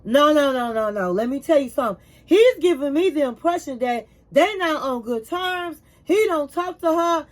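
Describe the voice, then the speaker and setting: A woman's voice: high voice, expressive, normal speed, few pauses. A woman giving a casual, chatty recap of a reality show. She tells the story with emphatic repetition and calls her viewers honey. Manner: emphatic repetition when reacting.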